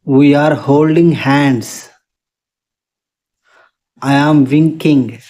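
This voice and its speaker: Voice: medium pitch, extremely slow, dark tone. A spoken English teacher reading out a vocabulary drill, evenly, one short sentence at a time.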